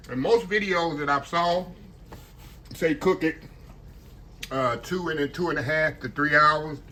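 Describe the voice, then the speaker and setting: A man's voice: on the high side, sharp tone, a little hiss or hum. A man chatting casually to his viewers while cooking at home in his kitchen. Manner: chatty, talks to viewers as "y'all". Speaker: home cook.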